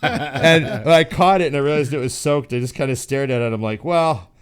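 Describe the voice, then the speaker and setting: A man's voice: medium pitch, normal speed, smooth. A man from Canada, a pro bodybuilder, telling stories casually and acting out the other voices in them. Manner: animated, acts out the voices in his stories. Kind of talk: casual storytelling.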